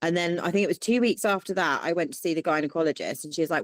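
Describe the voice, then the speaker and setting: A woman's voice: on the low side, quick pace, hardly any pauses, no echo. A woman guest telling frank, funny stories with lots of swearing and laughter. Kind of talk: candid storytelling interview.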